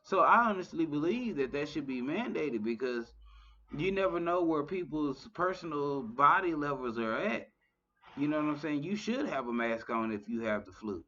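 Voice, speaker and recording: A man's voice: fairly high pitch, lively intonation, moderate pace, sharp tone, slight background noise. A man in his thirties in casual conversation as a podcast host, talking loosely with many filler phrases. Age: 30s. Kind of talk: casual chat. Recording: dull lo-fi audio.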